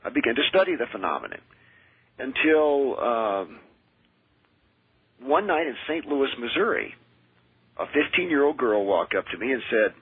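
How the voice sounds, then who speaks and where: A man who is a minister and exorcist, telling his experiences in an earnest, measured way as a radio interview guest. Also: medium pitch, sing-song, slightly rough, dry recording. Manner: earnest, measured, with frequent restarts. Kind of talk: radio interview, personal storytelling. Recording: tinny dry phone line.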